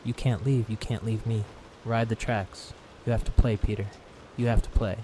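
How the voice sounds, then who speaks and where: A man's voice: on the low side, moderate pace, a little hiss or hum, close to an everyday voice. A man voicing a sad haunted train monster. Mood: insistent. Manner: plaintive, childlike pleading. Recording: steady rain sound behind.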